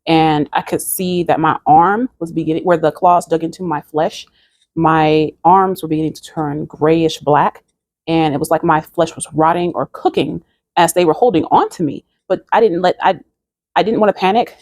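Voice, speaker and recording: Earnest woman with a dark, mellow voice. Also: sits low, normal speed, no room sound. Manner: earnest, preachy exhortation. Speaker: video creator. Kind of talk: recounting a dream, spiritual vlog.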